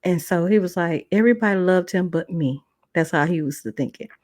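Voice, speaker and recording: A woman's voice: fairly quick, no echo, studio quality. A woman hosting a podcast who tells a personal story in a casual, colloquial way and acts out the other people in it. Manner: animated, acts out quotes with big pitch jumps; conversational, colloquial, with restarts. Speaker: podcast host.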